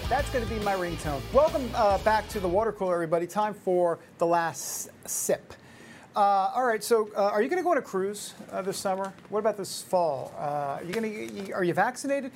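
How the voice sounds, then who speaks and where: A woman's voice: medium pitch, expressive, a little fast, darkish tone, soft background music. A woman in her fifties hosting a talk show, giving opinionated commentary with sarcastic, jokey asides. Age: 50s.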